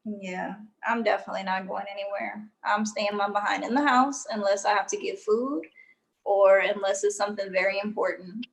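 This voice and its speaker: A woman co-hosting a podcast in a relaxed, casual chat. She talks in a chatty, matter-of-fact way, and her pitch is average for a woman. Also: normal speed, creaky. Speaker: podcast co-host.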